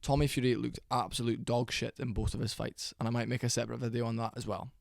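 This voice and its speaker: A young man giving a casual, rambling reaction commentary, tired and low on energy, with fillers and swearing. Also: little pitch movement, fast talker, creaky, no room sound, clean studio sound. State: sleepy, worn out. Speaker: MMA reaction channel host.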